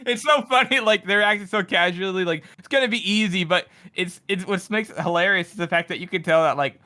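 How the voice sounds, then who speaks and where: A man co-hosting a book podcast talks through his take on a scene, amused and a little rambling. His voice is high and bright, with a sharp edge to it. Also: a little fast. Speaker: podcast co-host. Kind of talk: casual chat.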